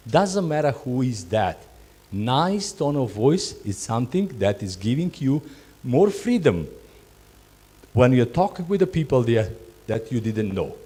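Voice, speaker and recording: Mid-range, dark and slightly rough, this man's voice instructs job candidates in hospitality. He speaks non-native English with emphasis, frequently repeating himself and restarting phrases.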